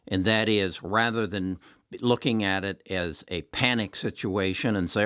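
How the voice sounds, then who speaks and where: A man's voice: lowish voice, measured pace, a bit bright, smooth, no echo, studio quality. A man hosting an investing channel, talking casually and emphatically to his viewers, with frequent restarts and repeated points. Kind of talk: casual investing talk to camera.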